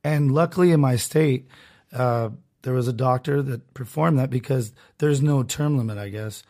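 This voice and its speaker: A man's voice: medium pitch, normal speed, darkish tone. A man hosting a solo podcast, talking in a rambling, sarcastic way with many restarts and asides. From Southern California. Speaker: podcast host.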